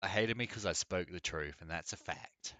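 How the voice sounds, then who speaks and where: A man's voice: sits low, moderate pace, bright, forceful tone, no room sound. A young man chatting casually on a live gaming stream, blunt, opinionated and mocking. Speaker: game streamer.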